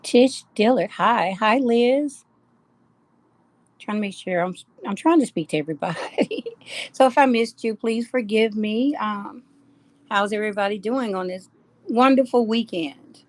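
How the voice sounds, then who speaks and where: A woman's voice: a little high, lively intonation, measured pace. A middle-aged woman, chatting casually with viewers on a live stream, greeting them by name and laughing often. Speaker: live-stream host of a jewelry shop.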